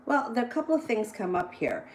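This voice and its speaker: A woman's voice: a little high, very animated, fast talker, a little hiss or hum, poor audio. A woman giving casual live-stream tarot readings, blunt and plain-spoken, swearing freely between cards. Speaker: tarot reader.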